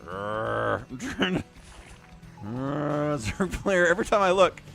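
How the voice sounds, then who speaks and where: A man hosting a live stream and giving chatty, excitable commentary on an esports match, thinking aloud as the play unfolds. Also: on the high side, unhurried, vocal fry, soft background music. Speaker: game commentator and stream host.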